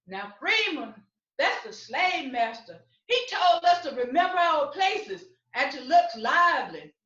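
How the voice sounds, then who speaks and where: Slow, high-voiced woman storyteller. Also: very animated, bright, forceful tone. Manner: theatrical, slow and emphatic. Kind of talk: dramatic storytelling performance. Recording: echoey room, far from mic, dull.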